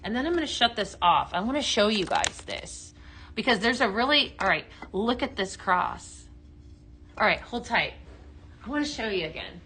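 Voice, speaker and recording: A woman's voice: medium pitch, big pitch swings, normal speed, sharp tone, a little hiss or hum. A woman hosting a casual live-stream product demo from home, chatting upbeat with lots of fillers. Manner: chatty, upbeat sales patter with many fillers. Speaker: home-fragrance live-sale host.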